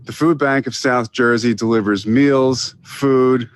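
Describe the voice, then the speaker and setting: A company executive delivering a scripted, earnest sponsor message for a charity. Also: male voice, medium pitch, steady tone, measured pace.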